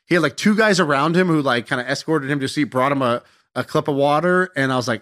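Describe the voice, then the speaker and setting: Animated young man telling a story. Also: a little high, fast. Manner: animated, self-mocking, swears casually. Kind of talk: casual anecdote.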